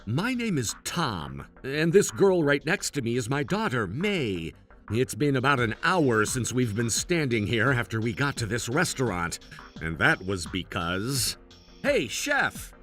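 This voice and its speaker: A man's voice: medium pitch, very animated, unhurried, fairly bright tone, soft background music. A man voicing a patient father, talking in a restrained, earnest way with simmering frustration. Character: patient father taking his daughter to dinner. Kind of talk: animated story voice acting.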